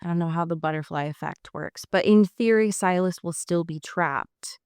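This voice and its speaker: A woman's voice: fairly low pitch, moderate pace, a little mellow, smooth, no echo, clean studio sound. A woman co-hosting a podcast, chatting casually and wryly about a show she watched. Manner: chatty, wry, sighs and laughs while recapping. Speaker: podcast co-host. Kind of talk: casual chat.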